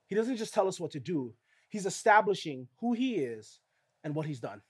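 A man's voice: high-pitched, big pitch swings, moderate pace, slightly rough. A middle-aged male pastor preaching a sermon in a conversational way, often asking rhetorical questions of the listeners.

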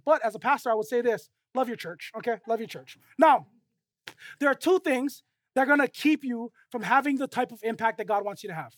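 A pastor preaching a sermon emphatically, often checking in with listeners with quick tag questions and acting out quoted dialogue in a conversational way. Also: mid-range voice, no room sound, studio quality.

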